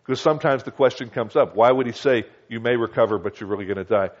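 Speaking conversationally, a male preacher leads a Bible teaching and keeps asking listeners "Okay?" and "do you understand?" He reads scripture at a slow pace and voices quoted characters higher. The audio is dull and low-fidelity.

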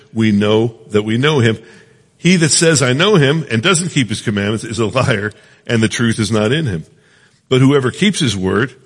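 A middle-aged male preacher with a low, slightly husky voice teaches in an earnest, conversational manner. He often stops to check in with his listeners. His voice carries a long reverb, as if he is speaking in a large hall. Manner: earnest, asks the listeners often, many restarts.

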